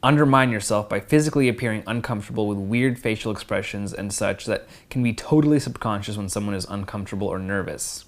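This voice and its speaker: A young man hosting a casual question-and-answer, reading viewer questions aloud and answering them frankly and directly. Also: medium pitch. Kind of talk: casual Q&A advice.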